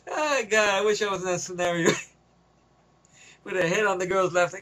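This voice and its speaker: High, bright-voiced casual male reviewer. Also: fairly even intonation, moderate pace, pauses often. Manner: loose and profane, chuckling often. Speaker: movie reviewer. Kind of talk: casual spoken movie review.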